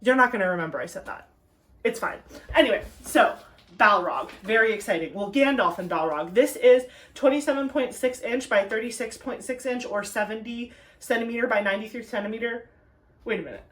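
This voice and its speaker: A woman's voice: a little high, fairly quick, fairly bright tone. A woman hosting a casual craft unboxing at home, chatty and enthusiastic as she gushes over the details. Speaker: craft video host.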